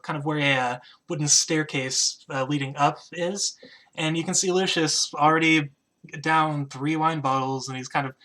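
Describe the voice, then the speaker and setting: A man narrating as game master of a tabletop game, in a casual, halting way with many fillers. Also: fairly high pitch, pushed and bright.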